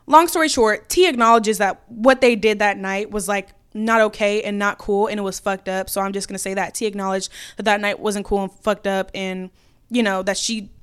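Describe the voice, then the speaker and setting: A woman's voice: on the high side, smooth. A young woman hosting a podcast, telling a personal story in a casual way, swearing and acting out what people said. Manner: animated, swearing, acts out quotes. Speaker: podcast host.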